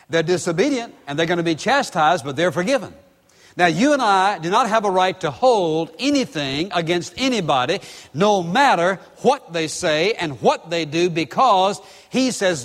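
A man preaching a sermon as pastor, stressing his points with repeated, listed words. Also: sits high. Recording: long hall reverb.

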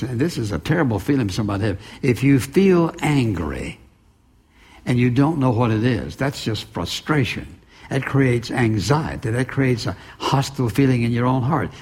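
A man's voice: medium pitch, darkish tone, slightly rough. Emphatic man preaching a sermon. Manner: emphatic preaching with rhetorical questions and repetition. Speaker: pastor.

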